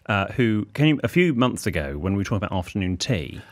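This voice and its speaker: Prim, lively-voiced man in his thirties. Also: fairly low pitch, brisk. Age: 30s. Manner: prim, precise storyteller who gets indignant and acts out the people in his anecdotes. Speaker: podcast co-host, etiquette expert. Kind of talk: casual podcast chat.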